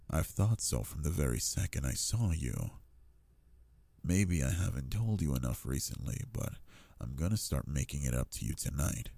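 A man playing a possessive, doting alpha lover in an intimate audio role-play, talking in a low, teasing way. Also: gravelly, warm tone, no room sound, heavily acted. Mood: tender.

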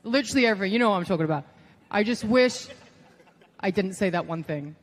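A woman's voice: medium pitch, quick pace, long reverb tail. A woman guest telling stories in a casual interview, chatty, full of "like" and quoted voices. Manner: chatty, lots of "like", animated quoting of others.

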